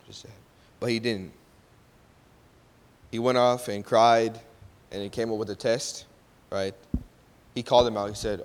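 A man's voice: lowish voice, little pitch movement, unhurried, long pauses. Guy telling a bible story off the cuff, keeps saying right?, lots of echo like a big hall. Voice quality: loose and conversational, often checks with "right?" and corrects himself. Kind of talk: casual Bible story retelling. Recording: long hall reverb.

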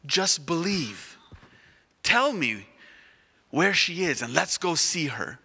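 A man voicing a calm, reassuring healer in a retold story, in an echoey church hall. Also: a little high, slow, slightly rough, exaggerated voice. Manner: gentle, reassuring. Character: calm, kind male healer.

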